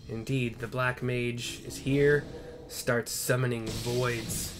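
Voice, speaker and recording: A man's voice: mid-range voice, flat delivery, slow pace, background noise. A man giving casual, irreverent commentary while narrating his playthrough of a game, with swearing asides.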